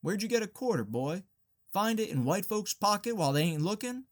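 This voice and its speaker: A man playing a sharp-tongued Southern washerwoman. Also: sits high, sing-song, a little fast, voice pushed up. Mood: teasing. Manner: teasing, scornful. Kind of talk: audiobook character reading.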